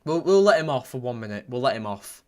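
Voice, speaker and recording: Speaking fast in a medium-pitched voice, a young fan livestreamer calls a football game, reading out chat as he talks. He's excitable and repetitive, and big moments set him off shouting.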